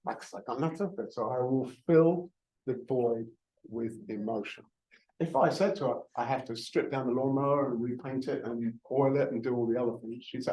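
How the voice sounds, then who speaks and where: A man's voice: mid-range voice, normal speed, warm tone, poor audio. A man in his fifties, a real estate broker giving a jokey, self-mocking training talk to a live audience, often restarting his words.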